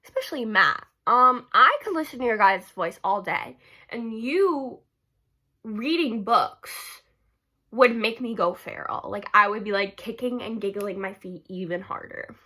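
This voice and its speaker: Giggly high-voiced young woman gushing. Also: animated, measured pace, sharp tone. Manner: giggly, gushing, heavy use of "like". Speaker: book vlogger. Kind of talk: casual rambling vlog.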